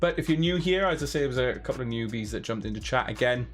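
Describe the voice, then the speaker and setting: A man's voice: mid-range voice, animated, fast, soft background music. Chatty male stream host, laughs easily. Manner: chatty, laughs often, slips into put-on accents. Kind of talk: casual live-stream chat.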